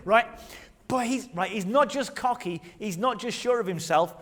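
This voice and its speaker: High-voiced preacher in a reverberant hall. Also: male voice, moderate pace. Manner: animated, conversational preaching with rhetorical questions; leads the congregation in call-and-response. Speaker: pastor. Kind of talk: sermon. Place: church hall.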